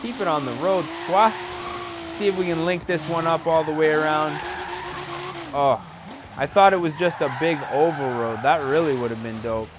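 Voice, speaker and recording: A man's voice: a little high, normal speed. A man casually commenting on his own racing gameplay, rambling and laid-back, full of fillers. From Canada. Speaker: gaming YouTuber. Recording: loud game car and tire noise under the voice.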